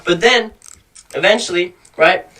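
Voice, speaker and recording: A man's voice: high voice, unhurried, pushed and bright, distant mic. A young man telling a long story in a rambling, slangy, profane way, laughing as he goes. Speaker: podcast co-host telling a story. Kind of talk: casual storytelling chat.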